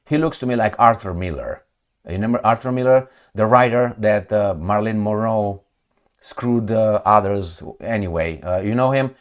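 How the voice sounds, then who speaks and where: A man's voice: on the low side, normal speed. A man giving casual political commentary, mocking and chatty, talking to his viewers like friends. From Romania.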